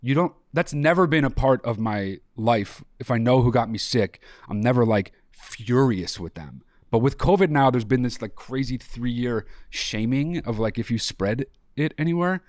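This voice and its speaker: A man's voice: mid-range voice, lively intonation, moderate pace, hardly any pauses, a little mellow, no room sound, studio quality. Slightly nasal, joking male podcast host. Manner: profane, jokey, exaggerated mock outrage. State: slightly nasal after illness. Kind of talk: casual podcast chat.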